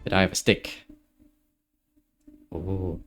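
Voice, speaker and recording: A man's voice: sits low, flat delivery, slow, creaky, a bit bright. Upbeat man streaming a game. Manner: chatty and upbeat, laughs often and jokes at himself. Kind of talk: casual gameplay commentary. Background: video game music.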